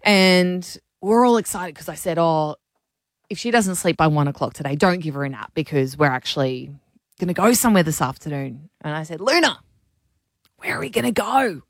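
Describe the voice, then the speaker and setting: A woman's voice: fairly low pitch, normal speed, dry recording, clean studio sound. A woman, co-hosting a radio show, telling a story with lots of laughter. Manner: animated storyteller, laughs often. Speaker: radio co-host. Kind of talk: casual radio chat.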